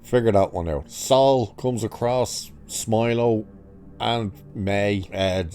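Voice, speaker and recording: Low, dark-voiced sarcastic male reviewer. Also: slow pace. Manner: sarcastic, mocking, profane. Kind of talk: casual episode recap and review.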